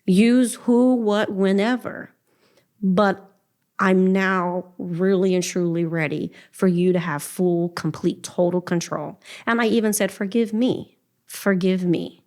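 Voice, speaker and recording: A woman's voice: medium pitch, steady tone, slow pace, a little mellow. A middle-aged woman giving an earnest, emotional personal testimony as a podcast guest, speaking with faith and quoting her own prayers.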